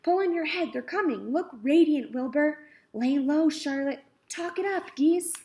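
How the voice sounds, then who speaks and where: A woman reading aloud puts on a bossy, knowing old sheep from a children's story. The voice rides high and strong, giving firm orders in a hurry. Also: measured pace, dark tone. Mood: urgent. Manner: firm, urgent instructions.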